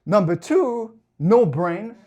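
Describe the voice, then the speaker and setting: A life coach delivers a fervent motivational talk between sets at the gym. The voice sits at a middle pitch, pushing hard on key points and swearing for emphasis. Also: expressive, slow, darkish tone. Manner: talks while working out at the gym.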